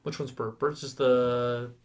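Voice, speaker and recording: A man's voice: mid-range voice, little pitch movement, measured pace. Man, podcast co-host, casual chat, easygoing and joking. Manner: easygoing, joking, loose phrasing with many likes.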